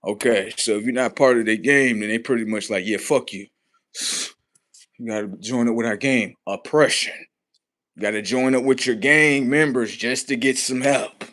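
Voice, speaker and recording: Man, livestream host, profane rant, mocking, loud bursts, low muttering, mid-pitched voice. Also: steady tone, moderate pace. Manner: swings between loud high outbursts and low muttering; heavy swearing, mocking, talks at the audience.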